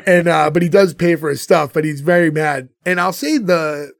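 A man's voice: on the high side, fairly even intonation, measured pace, no room sound, clean studio sound. A man from Boston co-hosting a podcast, chatting casually and rambling with lots of fillers. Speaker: podcast co-host.

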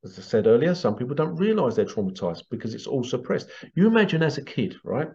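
A man's voice: mid-range voice, sing-song, fast, a little mellow. Rambling man, lo-fi sound. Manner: rambling, repeats phrases, acts out quoted voices. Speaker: healing therapist. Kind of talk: casual monologue to camera.

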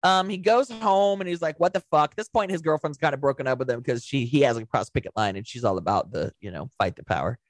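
A young woman co-hosting a podcast rambles through a casual movie recap, swearing a lot and laughing often. Her voice is very deep, she talks fast with hardly any pauses, and there's no room sound.

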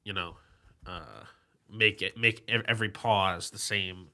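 Very bright-voiced laid-back young man. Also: fairly low pitch, fairly even intonation, a little slow. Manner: laid-back and reasoning, laughs easily. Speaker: podcast co-host. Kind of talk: casual chat.

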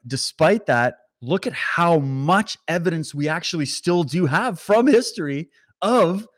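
Male commentator, mid-pitched, talks to camera with indignant, rambling energy, dry close mic. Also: dry recording. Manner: animated, indignant, rambling with restarts. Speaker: political commentator. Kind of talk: casual commentary monologue.

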